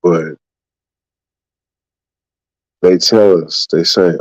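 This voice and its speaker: A man with a very low voice talks in loose, rambling casual chat, repeating his filler phrases. The sound is dull and dry. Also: unhurried, long pauses, darkish tone, breathy edge, no echo. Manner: rambling, repeats "you know what I'm saying".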